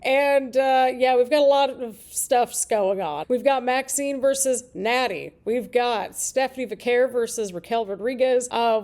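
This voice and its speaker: Woman host, casual reaction commentary, high bright-pitched voice, chatty, laughs easily. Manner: chatty, animated, laughs often.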